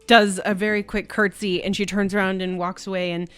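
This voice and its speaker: A woman's voice: medium pitch, little pitch movement, brisk, clean tone, no echo, soft background music. Chatty woman game master. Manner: chatty, stops to correct herself. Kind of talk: narrating a tabletop game.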